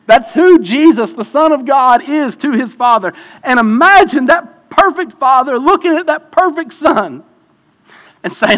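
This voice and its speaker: A man preaching a sermon as pastor, impassioned and swinging between hushed and loud passages. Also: extremely high pitch, animated, a little slow. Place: church sanctuary. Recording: long hall reverb.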